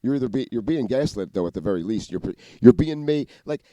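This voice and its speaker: A man in a rambling monologue, talking fast and cursing a lot, often restarting and jumping between ideas. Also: medium pitch, expressive, warm tone, dry recording, dull audio. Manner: rapid, profane, restarts and jumps between ideas. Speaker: vlogger.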